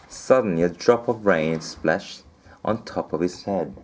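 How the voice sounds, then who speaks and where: A man's voice: sits low, measured pace. A man reading a children's storybook aloud, with playful asides to the listener.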